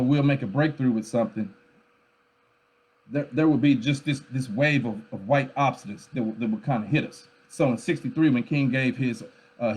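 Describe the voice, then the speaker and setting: A man speaking at a forum with an emphatic, lecture-like delivery, often repeating words and checking in with the listener. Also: on the high side. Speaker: pastor and scholar speaking at a forum. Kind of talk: impassioned lecture-style talk. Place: livestreamed forum.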